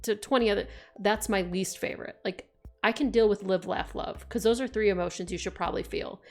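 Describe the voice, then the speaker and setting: A young woman streaming a game live, reading the text aloud and chatting in an expressive, casual way that includes swearing. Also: mid-range voice, brisk, soft background music.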